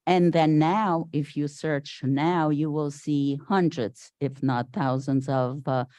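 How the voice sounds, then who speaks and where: An older woman from Syria speaks as a guest at a Sunday service, her low voice unhurried. She tells her story with animation and acts out the people she quotes. The sound is close and dry. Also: steady tone, mellow, dry recording. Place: spiritual center meeting hall.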